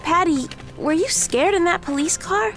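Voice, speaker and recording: Woman doing a sensible big sister girl, eleven, really high voice. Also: normal speed, music in the background. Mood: caring. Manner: sensible, caring. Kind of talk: audio drama acting.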